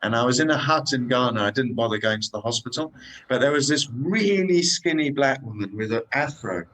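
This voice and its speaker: A man guest on a podcast, telling lively travel anecdotes in casual chat over a remote call, often adding "man" and "eh". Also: mid-range voice, a little fast, a little hiss or hum, rough recording. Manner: animated anecdotes, says "man" and "eh".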